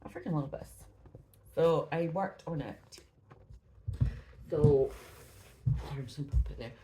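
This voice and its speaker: Indoors at home, a woman from Scotland talks casually about her stitching, wandering off track and frequently saying sorry while a bit breathless. She speaks at a measured pace in a low, dark voice, recorded with poor audio quality.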